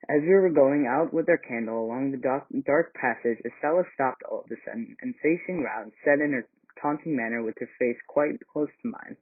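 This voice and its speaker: Man reading a novel aloud, tinny sound. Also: medium pitch. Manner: measured reading with small slips and restarts. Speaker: volunteer reader.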